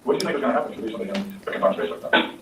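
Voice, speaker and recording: A man's voice: mid-range voice, animated, racing, a little hiss or hum. A man detective questioning a suspect bluntly and confrontationally. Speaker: police detective. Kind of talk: police interview. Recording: dull, echoey, distant interview-room recording.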